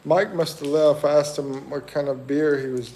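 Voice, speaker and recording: A man's voice: a little high, steady tone, moderate pace, darkish tone, slight background noise. A man hosting a casual livestream, chatting with viewers and thinking aloud in a rambling way. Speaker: livestream host. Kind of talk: casual live chat reading viewer comments.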